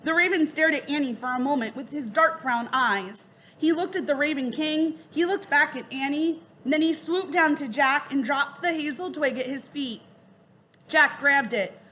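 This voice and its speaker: A woman reading a children's story aloud in a clear, steady way, dropping her voice for the speech tags. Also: high voice, normal speed, a little hiss or hum. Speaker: narrator.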